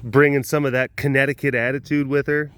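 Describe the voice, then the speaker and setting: A man's voice: mid-range voice, level tone, a little fast, fairly bright tone, clean tone. A man vlogging outdoors at a wild animal facility, rambling and joking with many restarts. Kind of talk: casual rambling vlog commentary.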